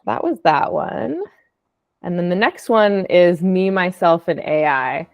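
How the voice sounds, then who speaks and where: A woman's voice: fairly low pitch, animated, takes it slowly, creaky, no echo, studio quality. A woman, an audio artist, casually presenting her work on a call in a chatty, upbeat way with lots of fillers. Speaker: podcast producer and audio artist.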